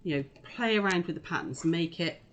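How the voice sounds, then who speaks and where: A woman's voice: on the low side, fairly quick, lo-fi sound. A woman hosting a casual live quilting demonstration, chatty and rambling as she talks straight to her viewers. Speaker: quilting shop host.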